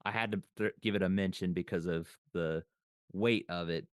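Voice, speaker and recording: A man's voice: deep voice, steady tone, normal speed, clean tone, dry recording, studio quality. A man co-hosting a podcast, chatting casually and recalling old memories aloud with restarts and trailing thoughts. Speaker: podcast co-host. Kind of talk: casual chat.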